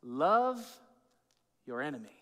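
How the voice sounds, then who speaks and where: A man preaching a sermon as pastor, casual and chatty, swinging between loud emphatic bursts and low hushed asides. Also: very animated, takes it slowly, highs cut off. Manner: informal, chatty preaching with fillers and repeats. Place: church sanctuary with long reverb. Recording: echoey church hall.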